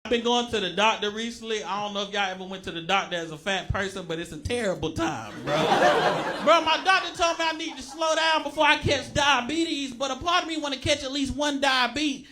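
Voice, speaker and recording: A man's voice: extremely high pitch, brisk. A man doing stand-up, telling a self-mocking routine in a laid-back, slangy way. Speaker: stand-up comedian. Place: comedy club stage. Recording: noisy club recording with loud audience.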